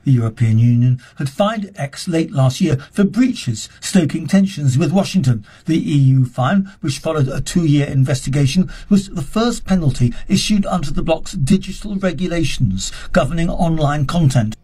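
A man correspondent reading a scripted news report in a measured, formal way. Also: fairly high pitch, expressive, mellow, slightly rough.

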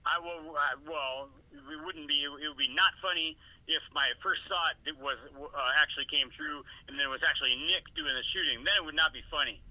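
A man's voice: fairly high pitch, steady tone, a little fast, hardly any pauses, sharp tone, dry recording, low-quality recording. Joking man on a dry line. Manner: crude joking, loose slangy talk. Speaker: caller. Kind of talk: casual phone banter.

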